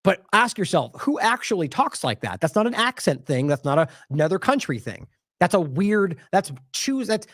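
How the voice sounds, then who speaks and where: A man's voice: sits high, no echo, studio quality. A man hosting a news commentary show, talking casually and skeptically with many restarts and mocking quotes of what he plays. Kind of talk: casual commentary on video clips.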